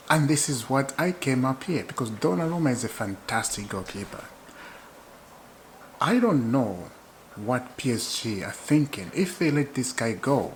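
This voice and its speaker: Male football vlogger, mid-pitched, excitable, chatty, quick to laugh. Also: slight background noise, rough recording. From Zambia. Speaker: football channel host. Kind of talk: casual football chat to camera.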